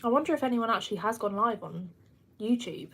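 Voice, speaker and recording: A woman in her twenties from England with a Kent accent hosts a livestream, chatting casually and laughing often as she answers viewer comments. Her voice is fairly high and lively, a little fast, a bit bright, with a breathy edge.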